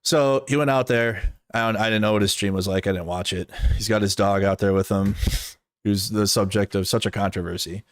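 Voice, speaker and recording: A man gives off-the-cuff commentary in a low voice. He is blunt and profane, and he rambles with plenty of "like" fillers. The sound is close and dry. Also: fairly even intonation, brisk, no room sound. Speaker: streamer and political commentator. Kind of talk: casual commentary stream.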